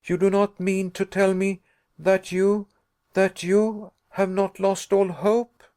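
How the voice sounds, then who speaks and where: A man voicing an excitable young nephew who pleads in agitation, pitched above his narrating voice. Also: measured pace. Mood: desperate.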